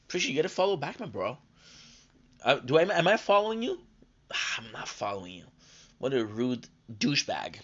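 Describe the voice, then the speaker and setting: A worn-out man chats through a late gaming live stream, rambling and restarting his sentences with plenty of fillers. He sounds like he is coming down with a cold, and his voice sits in an ordinary middle pitch. The stream audio is muffled and lo-fi. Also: big pitch swings, brisk, a bit bright. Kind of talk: casual live-stream chat.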